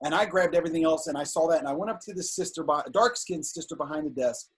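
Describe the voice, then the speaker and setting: A middle-aged man, a filmmaker guest on an interview show, telling animated, indignant stories in casual talk. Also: a little high, fast talker, breathy edge. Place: home on a video call.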